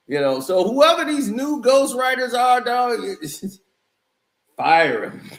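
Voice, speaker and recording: A man giving a blunt, scornful, animated music review in a casual rant, laughing often. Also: extremely high pitch, slow pace, echoey room. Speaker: album reviewer.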